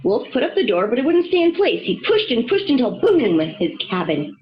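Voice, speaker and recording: Woman, children's read-aloud, expressive, animated, muffled audio. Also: fairly high pitch, moderate pace, a little hiss or hum. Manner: expressive, storytelling. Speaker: reader.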